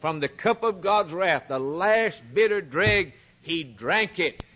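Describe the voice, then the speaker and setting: A man's voice: sits high, animated, takes it slowly, sharp tone. A man preaching a sermon, emphatic and repetitive, dramatically retelling scripture and addressing the congregation as brethren.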